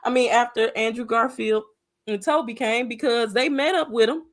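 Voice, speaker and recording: A woman's voice: on the high side, normal speed. A woman co-hosting a casual movie recap, acting out her reactions dramatically. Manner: animated, acts out her own reactions, dramatic. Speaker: podcast co-host.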